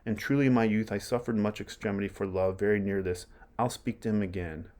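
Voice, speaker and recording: A man reading aloud as a fussy old courtier who meddles and schemes. The voice sits fairly low, with the lines read plainly. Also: fairly even intonation, quick pace, darkish tone, close to an everyday voice.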